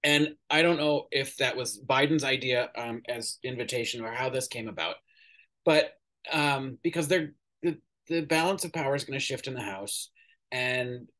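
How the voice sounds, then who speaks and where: A man giving casual, opinionated political commentary as a podcast host, pausing often with fillers and swearing now and then. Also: medium pitch, a bit bright. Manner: opinionated, hesitant with many ums, swears casually.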